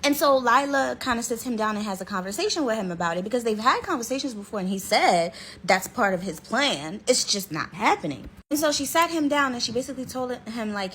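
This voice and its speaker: A woman's voice: a little high, animated, a little fast, fairly bright tone, a little hiss or hum, low-quality recording. A woman storyteller and author chatting informally through a story time, calling her listeners "y'all".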